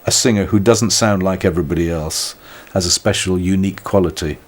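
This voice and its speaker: Older british guy, really low voice, thinking out loud, dry little laughs, keeps restarting. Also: a little fast. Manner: thoughtful, wry, frequent restarts and self-mocking laughs. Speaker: musician being interviewed. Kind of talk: reflective conversational interview.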